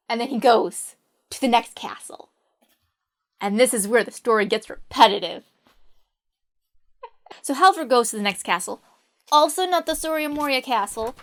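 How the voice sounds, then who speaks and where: A woman telling a fairy tale in a casual, playful way with wry asides. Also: on the high side. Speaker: storyteller.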